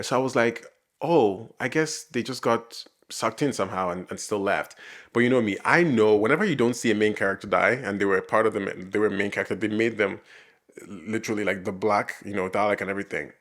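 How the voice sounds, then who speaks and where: A man's voice: fairly low pitch, a bit bright. A man giving casual reaction commentary on a TV episode, rambling with many fillers and restarts and laughing often. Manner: laughs often while talking. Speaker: reaction video host.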